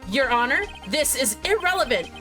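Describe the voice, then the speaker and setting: A woman voicing an arrogant, cold male prosecutor who makes sharp, dismissive objections. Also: high voice, very animated, normal speed, faint music behind, exaggerated voice. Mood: haughty.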